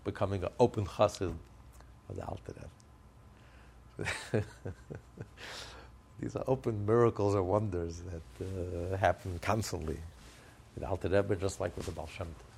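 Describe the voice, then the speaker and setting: A man telling a Hasidic story to a group, acting out the characters with lively shifts and the odd laugh. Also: deep voice, a little slow, vocal fry, pauses often, slight background noise. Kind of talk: storytelling talk.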